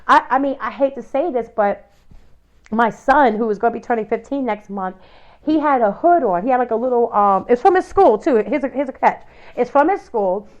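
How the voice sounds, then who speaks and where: A woman hosts her own talk show in a fervent, opinionated monologue. She speaks with a fairly high voice, fires off rhetorical questions and fills her pauses with "you know" and "um". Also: expressive, lo-fi sound. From United States. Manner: impassioned, rhetorical questions, many fillers.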